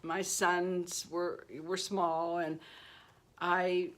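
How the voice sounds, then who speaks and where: A woman in her sixties chatting casually on her vlog, self-deprecating and quick to laugh at herself, telling stories with playful asides. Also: on the low side, level tone. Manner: warm storytelling with playful asides. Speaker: beauty vlogger. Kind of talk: casual personal vlog chat.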